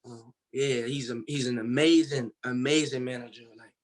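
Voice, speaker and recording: A man's voice: mid-range voice, steady tone, moderate pace. A young man from Cincinnati, Ohio, telling his story as a guest in a casual interview, in a loose, slangy way full of fillers. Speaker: guest artist.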